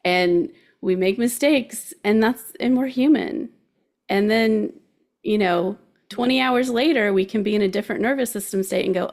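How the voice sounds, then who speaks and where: A woman's voice: mid-range voice, normal speed, a little mellow. A woman hosting a guidance show, talking through emotions in a chatty, encouraging way and laughing easily. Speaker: show host giving life guidance. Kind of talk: casual coaching talk.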